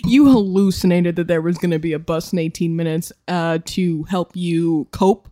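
A woman's voice: fairly low pitch, moderate pace, warm tone. A woman co-hosting a podcast, chatting casually with wry, amused remarks. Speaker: podcast co-host.

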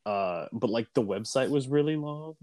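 A man's voice: medium pitch, lively intonation, moderate pace, warm tone, dry recording. A man in casual podcast chat, wry and loose, searching for words with lots of fillers.

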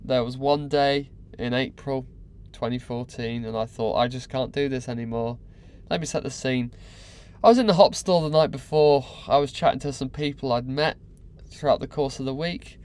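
A man telling a personal story candidly to the camera. He is animated and repeats words for effect. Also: mid-range voice, moderate pace, clear, resonant tone.

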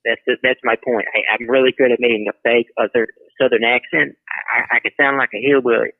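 A man's voice: medium pitch, steady tone, fast talker, dry recording. A man calling in to a talk show, rambling and repeating himself. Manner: rambling, repeats words, drawling. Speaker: caller. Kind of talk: casual call-in banter. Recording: tinny phone line.

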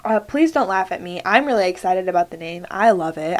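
A woman's voice: fairly low pitch, animated, a little fast. A young woman hosting her solo podcast in casual chat, talking to her listeners and joking at herself with many fillers. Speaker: podcast host.

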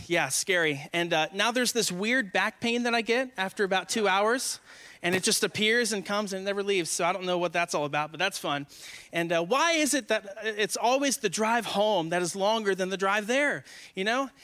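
A man's voice: high-pitched, bright, forceful tone. A man in his twenties, a guest speaker giving a humorous, conversational sermon in church and joking with the congregation. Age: 20s. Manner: joking, asks the congregation questions.

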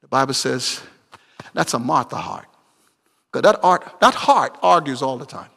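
A man preaching a sermon, swinging between loud emphatic bursts and hushed asides. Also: medium pitch, lively intonation, slow, gravelly, pauses often, long reverb tail.

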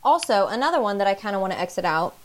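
A young woman co-hosts a podcast, chatting casually in a giggly, rambling, blunt manner. Her medium-pitched voice is very animated and very fast.

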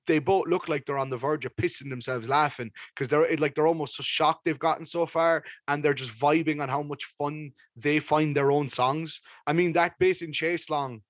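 A man's voice: a little high, steady tone, normal speed, hardly any pauses, no echo. A young man hosting a podcast, reviewing an album in casual, rambling chat with plenty of swearing. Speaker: podcast host.

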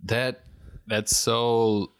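A man's voice: mid-range voice, level tone, drawn-out words, smooth, no room sound. A man hosting a casual chat, laid-back, reacting to a guest's story with short comments.

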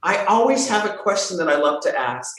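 A woman's voice: lowish voice, a little fast. A woman voice coach talking in a casual interview, playful and emphatic, repeating her points. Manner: animated, playful, emphatic repetition. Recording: very echoey room.

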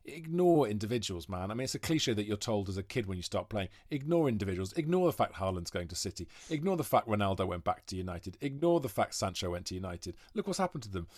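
A man in his forties from Wales, a podcast guest telling long rambling stories with quick asides in casual chat. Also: on the low side, sing-song, no echo, studio quality. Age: 40s.

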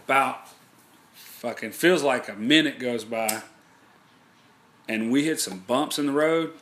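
A man's voice: mid-range voice, a little slow, reverberant, slight background noise. A man telling a rowdy story in casual chat, swearing a lot and acting out what people said. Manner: animated, profane, acts out quotes. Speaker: podcast host telling a story.

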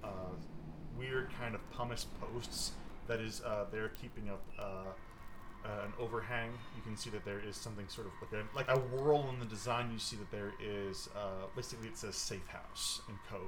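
A man's voice: on the low side, steady tone, normal speed, background noise. A man narrating a tabletop game as game master, rambling with many fillers. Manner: rambling, filler-heavy narration with bursts of silly voices.

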